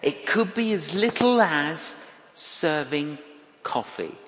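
Slow, deliberate preacher in an echoing hall. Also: male voice, on the high side, lively intonation, a bit bright. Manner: storytelling, wry, emphatic and repetitive. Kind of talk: sermon. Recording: echoey hall with long reverb.

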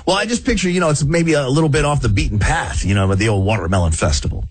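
A man's voice: mid-range voice, expressive, quick pace, husky, no echo. A man hosting a morning radio call-in show, joking and rambling with callers. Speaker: radio host.

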